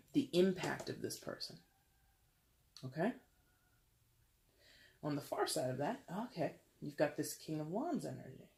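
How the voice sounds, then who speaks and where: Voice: medium pitch, vocal fry, a little mellow. Rambling tarot reader talking to camera. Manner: rambling, self-interrupting, addresses the listener directly. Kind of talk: casual tarot reading monologue.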